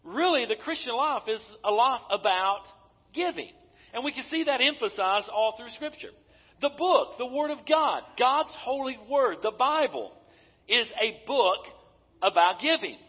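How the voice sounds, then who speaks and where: A male pastor preaches in a church sanctuary, pressing his points with emphasis and asking the congregation questions. His voice sits high and has a husky edge. The dull recording carries a long, ringing hall reverb. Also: animated, normal speed. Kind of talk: sermon.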